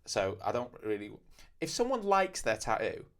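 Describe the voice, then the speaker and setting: A man hosting a casual chat, relaxed and asking his guest questions. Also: mid-range voice, normal speed. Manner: relaxed, conversational, asks questions. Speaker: host, tattoo artist.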